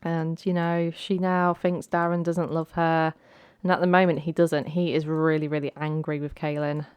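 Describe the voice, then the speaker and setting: A woman's voice: deep voice, flat delivery, normal speed, a little mellow, clean tone, dry recording. A woman hosting a let's play, narrating the game's drama in a chatty, dramatic storytelling way. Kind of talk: casual gameplay commentary.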